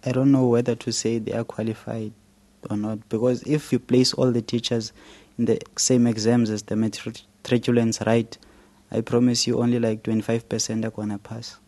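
A man's voice: medium pitch, little pitch movement, normal speed, dark tone. A young man with a South African accent, a student answering interview questions down a phone line, speaking plainly and candidly. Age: young adult. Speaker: student guest.

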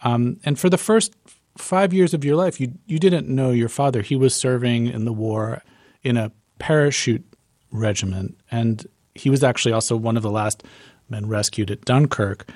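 A man's voice: mid-range voice, normal speed, a little mellow, no echo, studio quality. A man interviewing a guest, asking curious, casual questions. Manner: curious, casual, self-deprecating.

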